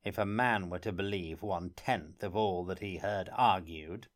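Man doing a stern court minister, gruff, ungracious, suspicious. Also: deep voice, moderate pace, lightly acted. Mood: scornful. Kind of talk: audiobook character reading.

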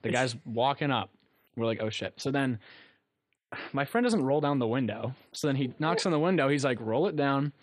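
A man's voice: mid-range voice, expressive, moderate pace, dry recording. A young man telling a rambling story on a casual talk show, often laughing at his own tale. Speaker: guest storyteller.

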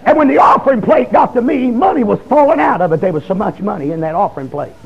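A man, preaching a testimony sermon in a folksy storytelling way that breaks into shouting. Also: sits high, lively intonation, fast, creaky, slightly rough. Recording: dull lo-fi recording.

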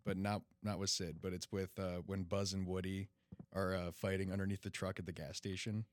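A young man co-hosting a casual podcast chat, laughing often and shouting out movie-line impressions. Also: low-pitched, flat delivery, a little fast, no echo. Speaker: podcast co-host.

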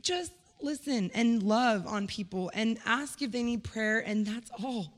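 A woman's voice: fairly high pitch, unhurried. A woman sharing a heartfelt personal testimony at church, speaking earnestly and conversationally. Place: church hall. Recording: echoey hall reverb.

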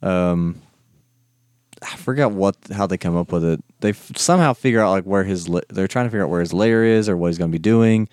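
A man's voice: brisk, darkish tone, clean tone, no room sound. A man in casual chat, retelling a movie scene by scene and acting out the quotes. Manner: acts out quotes in a higher voice, loose and laughing. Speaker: movie discussion co-host.

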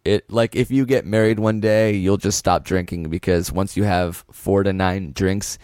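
A man's voice: low voice, fairly even intonation, normal speed, a little mellow, dry recording, studio quality. A young man co-hosting a casual comedy podcast, teasing his partner, laughing often and reading sponsor plugs. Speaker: podcast co-host.

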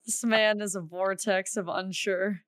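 A woman's voice: mid-range voice, steady tone, unhurried, a bit bright, dry recording, studio quality. A woman co-hosting a casual gaming podcast, teasing her partner and giving blunt opinions. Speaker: podcast co-host.

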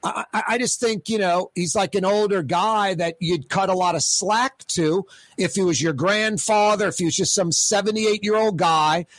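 A man talking on his radio show from a studio with a close microphone. His voice sits a bit high for a man, and the sound is dry with almost no room. He chats loosely and repeats himself in stammered restarts. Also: normal speed, fairly bright tone, dry recording. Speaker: radio talk show host. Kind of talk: casual radio talk with giveaways.

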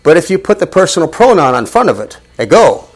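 A man's voice: a little high, big pitch swings, quick pace. A man teaching a Bible study in a church, talking in a conversational and emphatic way.

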